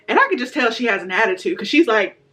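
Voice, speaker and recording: A young vlogger shares her testimony in a chatty, casual way, talking directly to viewers and acting out what people said. Her fairly high voice is very animated and sharp-toned, moving at a quick pace.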